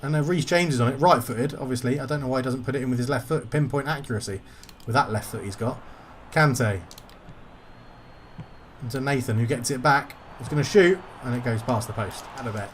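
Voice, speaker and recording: A man talks over his football video game as he plays it, rattled and grumbling at the referee and the computer. His pitch sits in the middle range. A faint hiss of background noise runs under his voice. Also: fairly quick. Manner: frustrated, swearing at the game. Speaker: gaming YouTuber.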